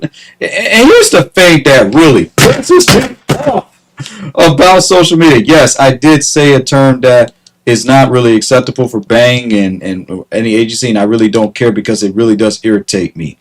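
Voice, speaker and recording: A man's voice: medium pitch, expressive, normal speed, poor audio. A man ranting casually to camera, exasperated, repeating himself and breaking into laughter. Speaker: vlogger.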